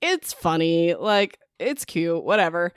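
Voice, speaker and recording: A young woman hosting a book podcast, recapping chapters in a chatty, excitable way, full of "like" and "whatever" asides. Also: lowish voice, slow pace, heavy background noise.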